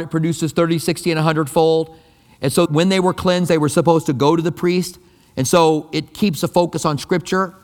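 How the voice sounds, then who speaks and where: A pastor preaching a sermon in a conversational, emphatic way, often repeating his key phrases. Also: sits high. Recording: long reverb of a large hall.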